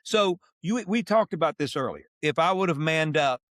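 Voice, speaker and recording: A man's voice: on the high side, normal speed, no room sound, studio quality. A man in his sixties, a podcast co-host and musician, telling stories in casual chat and acting out the dialogue he quotes. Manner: animated, acts out quoted dialogue.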